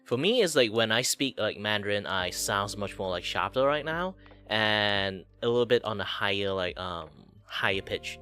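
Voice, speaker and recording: A man's voice: fairly low pitch, animated, moderate pace, bright, forceful tone, faint music behind. A man hosting a casual streamed chat, rambling with many fillers and restarts. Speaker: podcast host.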